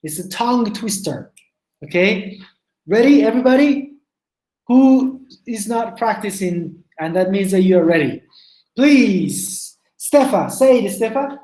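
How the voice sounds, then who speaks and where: A woman teaching English to a group online, drilling sentences slowly and coaxing students by name. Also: mid-range voice, animated, dark tone, roomy sound, poor audio.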